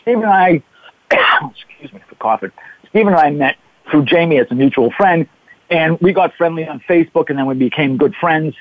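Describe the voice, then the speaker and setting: A man with a Boston accent joking his way through a fitness chat on a call-in radio show. His voice sits a little high, dry and close, and the line sounds dull and lo-fi. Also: moderate pace, no echo. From Boston area, USA. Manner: chatty, jokey, self-interrupting. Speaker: fitness trainer guest.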